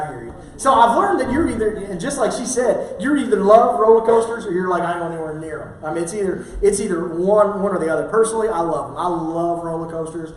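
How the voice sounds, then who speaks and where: Heard from a distance in a very echoey church hall, a pastor with a high-pitched voice and lively intonation tells stories in his sermon at a moderate pace, casual and full of fillers. Slight background noise can be heard in the sanctuary.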